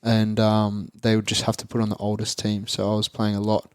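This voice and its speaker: Aussie bloke rambling thru an interview, low flat voice, dry close sound. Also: male voice, fairly quick, smooth, no room sound. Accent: Australian. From Australia. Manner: rambling, frequent fillers and restarts. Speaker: guest. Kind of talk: casual interview chat.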